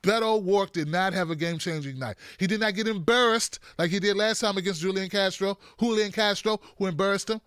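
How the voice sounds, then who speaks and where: High, bright-voiced mocking political commentator. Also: male voice, fairly quick, few pauses, smooth, no room sound, studio quality. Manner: animated, mocking, does impressions of politicians.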